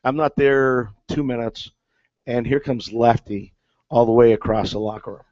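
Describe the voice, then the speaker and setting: A man's voice: medium pitch, steady tone, moderate pace, darkish tone, no echo. A man, a former catcher, telling a story in casual chat with lots of fillers and restarts. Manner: rambling, many fillers and restarts. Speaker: guest, former big-league catcher. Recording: dull, dry, lo-fi sound.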